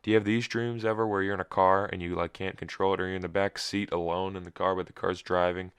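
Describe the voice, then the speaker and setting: A man's voice: sits low, flat delivery, quick pace, clean tone, no room sound. A young man hosting a solo podcast, groggy and just woken up with a cracking voice, telling a rambling story with wry asides. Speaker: podcast host.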